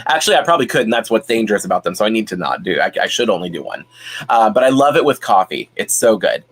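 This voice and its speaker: A man's voice: lowish voice, sing-song, fast, breathy edge. A man hosting a casual live stream at home, chatting and reading viewer comments, rambling with many fillers and restarts.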